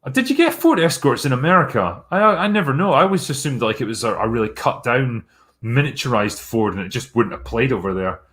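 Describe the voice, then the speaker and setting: A man's voice: mid-range voice, big pitch swings, a little fast, a bit bright. A man hosting a live stream, chatting casually through viewer messages in a blunt, sarcastic way with plenty of swearing.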